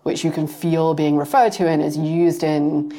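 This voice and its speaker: A woman's voice: low voice, steady tone, moderate pace, dark tone. A woman interviewing a poet about her book, talking in an enthusiastic, self-deprecating way with many fillers. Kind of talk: onstage book conversation.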